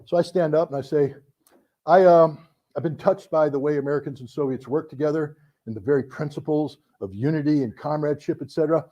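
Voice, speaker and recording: Animated middle-aged male storyteller. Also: on the high side, fast talker. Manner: animated storyteller who acts out the voices in his anecdotes. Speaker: speaker telling a story to an audience. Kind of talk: storytelling talk to an audience. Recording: dull lo-fi recording.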